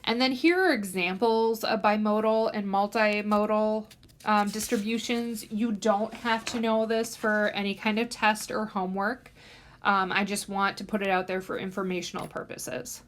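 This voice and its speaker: A woman's voice: mid-range voice, fairly even intonation, normal speed. A woman instructor giving a recorded statistics lecture, explaining step by step with frequent "um" fillers and stressing key words.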